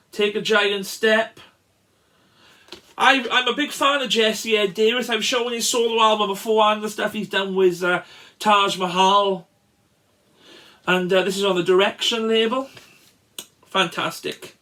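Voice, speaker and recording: A man casually showing records from his collection, chatty and enthusiastic, with frequent pauses and restarts. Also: high-pitched, fairly even intonation, sharp tone. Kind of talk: casual record show-and-tell.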